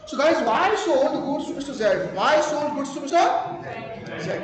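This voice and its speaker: High-voiced Indian man quizzing his class. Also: moderate pace, crowd noise. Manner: mixes Hindi phrases, keeps quizzing the class. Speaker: law teacher. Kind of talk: classroom lecture. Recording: echoey hall with a class around him.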